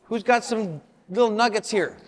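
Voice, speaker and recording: Brief: high-voiced casual workshop leader, reverby hall. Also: male voice, moderate pace. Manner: casual, upbeat, lots of 'like' and 'right?'. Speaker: training session leader. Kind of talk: leading a live workshop.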